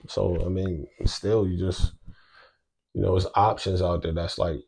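A man's voice: deep voice, steady tone, measured pace, vocal fry, a little mellow, slightly rough. A man in his thirties, a husband talking easily and offering encouragement in a casual chat, often trailing off. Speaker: husband and co-host.

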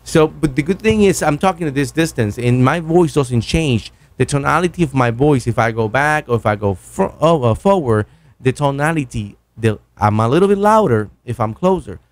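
A man casually reviewing microphones from his home studio, rambling and correcting himself as he goes, speaking close into a broadcast mic. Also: a little high. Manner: rambling, self-correcting, enthusiastic. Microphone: broadcast dynamic mic, close.

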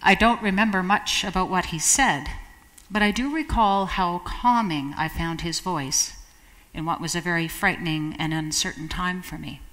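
A woman's voice: fairly low pitch, steady tone, fairly bright tone. Reflective woman preaching in a reverberant church. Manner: measured and reflective, slowing for emphasis. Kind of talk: sermon.

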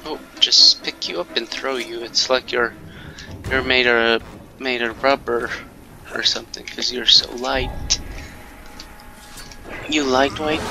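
A man offers casual let's-play commentary, playfully joking and taunting the enemies on screen while game music plays under his voice. His mid-range voice has a level tone, and he takes it slowly with frequent pauses. Background noise is present.

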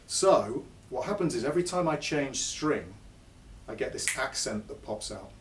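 A man's voice: medium pitch, very animated, normal speed, a little mellow, slight background noise. A man giving a chatty, self-deprecating live guitar lesson to an audience in a music store. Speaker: guitar clinician. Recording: echoey shop recorded from far off, with guitar. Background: guitar playing between phrases.

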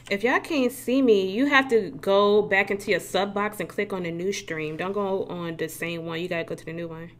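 A woman's voice: mid-range voice, moderate pace, few pauses, slight background noise. Chatty swearing woman streaming a game. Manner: chatty, swears freely, laughs often. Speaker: gaming streamer. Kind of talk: casual live-stream chat. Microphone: desk mic with facecam.

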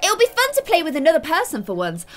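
A woman's voice: high voice, wildly swooping pitch, quick pace, a little hiss or hum. A woman with an Irish accent voicing an eager, bookish schoolgirl friend in a posh put-on voice for a video game. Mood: cheerful.

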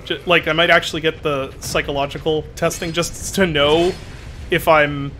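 Over slight background noise, a man with a strange, unusual voice rambles self-deprecatingly as he plays and streams a game, crying out at his mistakes. His voice is a little high, bright and forceful, with a steady tone at a moderate pace.

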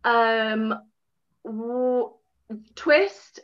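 A woman's voice: high voice, sing-song, a little slow, slight background noise. A woman, an actress, chatting as a guest over a video call, giggly and self-mocking. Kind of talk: casual interview chat. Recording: dull lo-fi video call audio.

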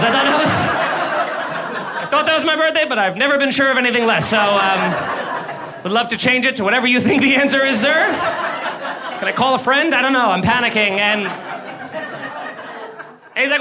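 High-pitched guy doing stand-up, animated, self-deprecating, live club noise. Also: fairly quick, long pauses. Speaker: stand-up comedian. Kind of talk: stand-up comedy set. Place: comedy club stage, indoors.

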